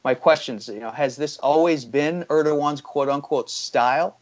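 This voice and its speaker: A man's voice: on the high side, moderate pace. Argumentative male analyst, lo-fi audio. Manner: critical, argumentative, many fillers. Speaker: economic analyst guest. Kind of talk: interview commentary.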